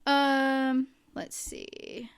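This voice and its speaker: A woman co-hosting a podcast recaps a reality show in casual chat, her high-pitched voice level in tone and very slow. She's chatty and leans heavily on fillers, especially "like," along with "um."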